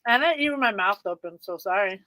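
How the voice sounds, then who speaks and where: A woman's voice: mid-range voice, animated, a little fast, bright, forceful tone, no echo. Chatty woman co-host, dry close sound. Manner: chatty, playful, enthusiastic. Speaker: radio co-host. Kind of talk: casual livestream chat.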